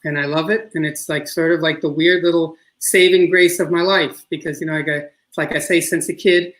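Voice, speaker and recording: A man's voice: fairly high pitch, steady tone, brisk, fairly bright tone, low-quality recording. Rambling middle-aged New York man. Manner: rambling, many restarts and "you know". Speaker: filmmaker guest. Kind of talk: casual interview chat.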